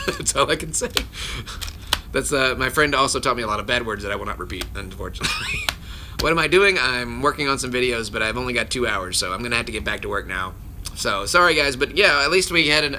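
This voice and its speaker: With slight background noise, a man's medium-pitched, sharp voice comes through as he hosts a laid-back phone livestream at home near his children. A voice actor by trade, he answers viewer questions rambling, interrupting himself and chuckling in between.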